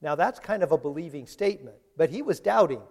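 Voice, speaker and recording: A man's voice: on the high side, lively intonation, fast talker, darkish tone. A man preaching a sermon in a chatty, conversational way, retelling scripture in everyday voices. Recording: long hall reverb.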